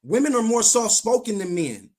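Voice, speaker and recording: A man's voice: sits high, big pitch swings, moderate pace, a little mellow. A man guesting on a live stream, arguing bluntly and insistently, repeating his points. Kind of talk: heated live-stream debate.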